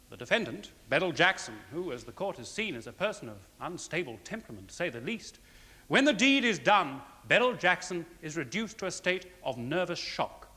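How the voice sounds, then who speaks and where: A prosecuting barrister from a 1970s courtroom drama, formal and emphatic, with a bright, lively delivery that rises and falls across each argument. His voice is slightly high and rings out with a long reverberation from the courtroom. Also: heavily acted. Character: measured male barrister giving closing speech. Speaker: prosecuting counsel.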